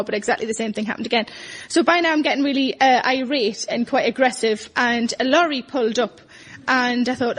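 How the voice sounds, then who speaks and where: A woman's voice: high-pitched, slight background noise. A woman telling a self-mocking comic story as a guest on a studio panel show. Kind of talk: comic anecdote. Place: studio with live audience.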